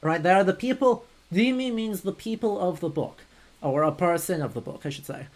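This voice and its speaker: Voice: mid-range voice, brisk, darkish tone. A historian streamer giving casual live commentary over gameplay, chatty with many fillers and dry sarcastic asides.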